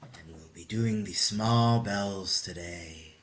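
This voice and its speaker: A man leading a New Year meditation practice, speaking softly and conversationally, often sinking into a whisper. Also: low-pitched, slight background noise. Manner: soft-spoken, slow, drifting into whispers; conversational, says "you know" and "right?". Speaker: meditation leader. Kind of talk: guided meditation talk.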